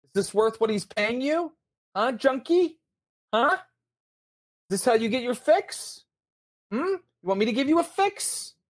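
A man's voice: very high-pitched, sing-song, measured pace, long pauses, voice pushed up, full character voice. A man voicing a menacing young male drug dealer who threatens with a gun. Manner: sneering, smooth-talking threats.

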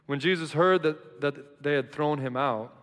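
A man preaching a casual sermon, telling stories with emphatic swings from quiet, low lines to loud, excited ones. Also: unhurried, big-room sound. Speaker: pastor.

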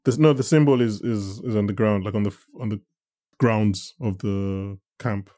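A man's voice: on the low side, normal speed, mellow. A man hosting a podcast, talking casually about a TV episode and quoting its lines. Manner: laid-back, quotes lines from the show. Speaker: podcast host. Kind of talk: casual chat.

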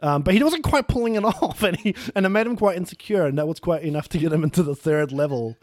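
A man's voice: fairly high pitch, animated, quick pace, no room sound. A man, co-hosting a podcast and playing a polite, chatty visitor in an improvised comedy sketch. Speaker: podcast co-host.

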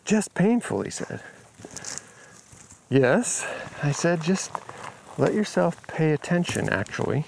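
A man casually recounting a conversation with someone he helped, in a relaxed storytelling way, speaking outdoors on a rural property. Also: on the high side, takes it slowly, vocal fry, long pauses, slight background noise. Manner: relaxed, retells conversations with quoted dialogue. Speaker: healing coach.

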